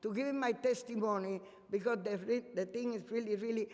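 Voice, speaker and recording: High-voiced pleading man, halting English. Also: fairly even intonation, a little mellow. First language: Spanish. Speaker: public testimony speaker. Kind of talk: public testimony. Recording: echoey council hearing room.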